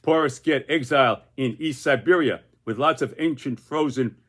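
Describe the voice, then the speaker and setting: A man's voice: medium pitch, normal speed, fairly bright tone, close to an everyday voice. A man playing a stern, blunt leader. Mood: menacing, blunt. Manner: blunt broken phrases. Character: stern male Russian leader, blunt and menacing.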